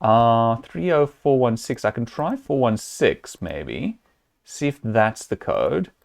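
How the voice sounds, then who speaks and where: A man's voice: mid-range voice, big pitch swings, slow pace, vocal fry. A man streaming a point-and-click adventure, chatting casually and thinking aloud as he works through puzzles, with amused chuckles. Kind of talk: casual let's-play commentary.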